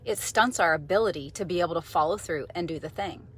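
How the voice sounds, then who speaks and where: Husky-voiced woman chatting in a car. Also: fairly low pitch, fast talker, fairly bright tone. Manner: enthusiastic, conversational, many fillers and restarts. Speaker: vlogger, mindset coach. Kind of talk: casual talking-to-camera vlog. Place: parked car.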